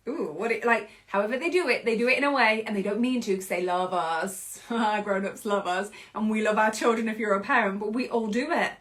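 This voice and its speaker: A British woman in her thirties hosting a podcast, speaking in an expressive reflective monologue and often laughing. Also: mid-range voice, brisk, hardly any pauses. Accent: British English. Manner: expressive, acts out quoted voices, laughs often. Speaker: podcast host.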